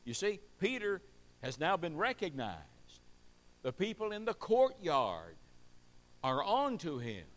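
A man's voice: high voice, wildly swooping pitch, a little slow. A man preaching a sermon, repeating key phrases for emphasis and asking the congregation rhetorical questions.

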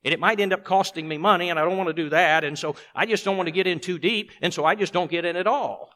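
Emphatic higher-voiced preacher. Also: male voice, fast talker, fairly bright tone. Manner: emphatic, asks the congregation rhetorical questions. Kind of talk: sermon.

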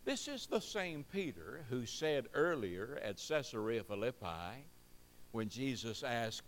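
A man's voice: mid-range voice, sing-song, a little slow. A man preaching a sermon, repeating key phrases for emphasis and asking the congregation rhetorical questions.

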